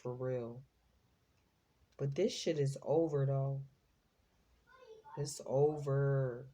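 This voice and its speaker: Female tarot host, low mellow voice, casual and slangy, exclaims freely. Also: steady tone, very slow. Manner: chatty, slangy, exclaims as she reads the cards. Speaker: psychic tarot reader, host.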